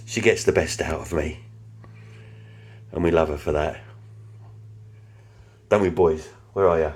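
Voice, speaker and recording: A man's voice: deep voice, slow pace, pauses often. A man vlogging a home plumbing repair, chatty and self-mocking with a playfully melodramatic streak. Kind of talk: casual DIY vlog talk.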